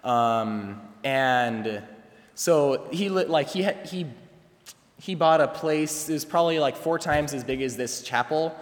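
A man's voice: a little high, a little slow. A young male student telling a personal story at a chapel service, casual and rambling with lots of fillers and restarts. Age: young adult. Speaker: student speaker. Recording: long reverb from a chapel hall.

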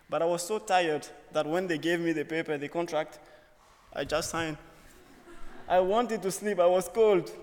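In a reverberant auditorium, a young male student shares a personal story with earnest humor, using short phrases. His voice sits on the high side and sounds a little mellow.

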